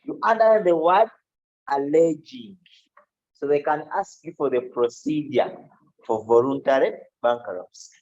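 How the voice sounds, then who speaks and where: A man's voice: a little high, darkish tone. A man giving a law lecture to students, checking in often with "okay" and joking asides. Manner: explains slowly, with frequent "okay?" checks and asides. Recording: dull, lo-fi classroom recording.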